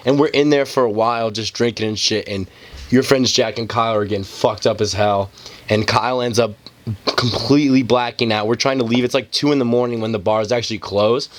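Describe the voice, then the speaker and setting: A man's voice: mid-range voice, steady tone, brisk, slight background noise. A young man co-hosting a podcast, recounting a night out in a laid-back, swearing way. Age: young adult. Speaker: podcast co-host. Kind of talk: casual storytelling chat.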